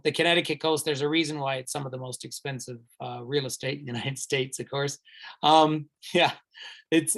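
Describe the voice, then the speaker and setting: A man who guides tours, answering viewer questions live in a chatty, rambling way with many fillers and restarts. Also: on the high side. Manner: enthusiastic, recommends warmly. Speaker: tour guide hosting a virtual tour.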